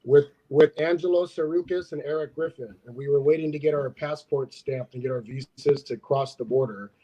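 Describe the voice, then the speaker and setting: A man guest telling a story in a relaxed way over dull, lo-fi call audio. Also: on the high side, fairly quick. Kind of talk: casual comedy storytelling.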